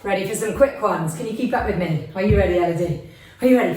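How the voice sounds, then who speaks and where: A woman teaching a lively class for young children, in a sing-song, encouraging way, calling out actions for them to copy. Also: mid-range voice, rapid-fire. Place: home room with a child helper. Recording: echoey room, mic at a distance.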